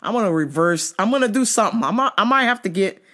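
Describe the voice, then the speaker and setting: A middle-aged woman hosts her own show and tells a story as a casual rant. She swears freely, gets animated and breaks into laughter often. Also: mid-range voice, quick pace. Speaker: show host.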